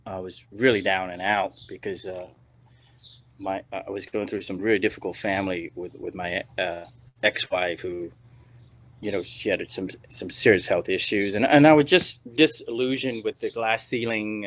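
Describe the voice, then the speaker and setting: Middle-aged male actor, low-pitched, casual rambling interview storyteller. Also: moderate pace, fairly bright tone. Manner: rambling, many restarts and "you know"s. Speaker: actor and podcast guest.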